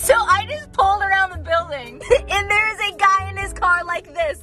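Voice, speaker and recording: Young female creator, animated, giggly storyteller. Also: very high voice, moderate pace, hardly any pauses, faint music behind. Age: young adult. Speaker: TikTok creator. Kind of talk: comedic storytime to camera.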